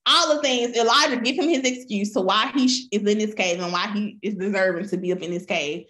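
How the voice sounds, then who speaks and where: A woman preaching a sermon, retelling scripture with lively voiced quotes and calling out to her listeners as y'all. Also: mid-range voice, a little fast. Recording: roomy echo.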